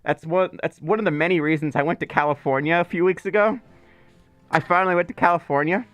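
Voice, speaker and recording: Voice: mid-range voice, fast talker, fairly bright tone, dry recording, soft background music. A streamer from Mississippi, rambling in casual livestream chat and still coughing from being ill. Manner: rambling, playful, teasing. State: lingering cough.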